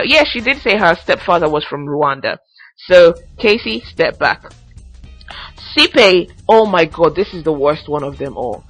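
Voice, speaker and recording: A woman's voice: lowish voice, a bit bright, breathy edge, rough recording. A young woman hosting a casual commentary podcast, ranting with sassy asides and recapping reality show gossip. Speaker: podcast host.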